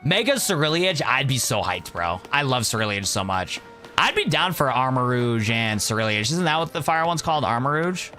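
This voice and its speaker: A man's voice: mid-range voice, big pitch swings, moderate pace, bright, forceful tone, soft background music. A young man chatting casually on a live stream, rambling and laid-back, calling his viewers "bro".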